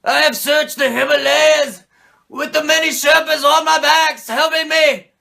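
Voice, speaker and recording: Man putting on a mystical old man, slow, solemn, drawn-out words, high pitch. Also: steady tone, gravelly, bright, forceful tone, exaggerated voice. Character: grody mystical old man on a video screen.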